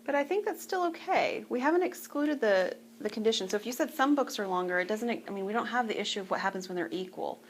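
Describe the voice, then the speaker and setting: A woman's voice: medium pitch, expressive, fast talker, hardly any pauses, a little hiss or hum. Patient woman teaching a classroom math lesson. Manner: patient, conversational, checks in with students often. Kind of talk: classroom lecture.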